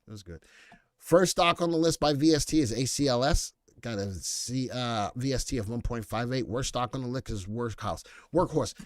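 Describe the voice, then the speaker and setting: A man's voice: mid-range voice, darkish tone, dry recording, clean studio sound. A man hosting a live stock analysis stream, reading viewer chat aloud and joking between picks. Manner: playful, reads viewer chat aloud, jokey asides. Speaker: stock analysis livestream host. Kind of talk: casual live market commentary.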